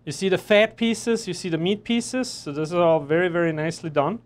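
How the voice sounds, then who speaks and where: A man with a fairly high voice talks through a live online cooking lesson from a kitchen. He is chatty and cracks jokes as he explains each step while he works. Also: steady tone, fairly quick. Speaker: chef instructor.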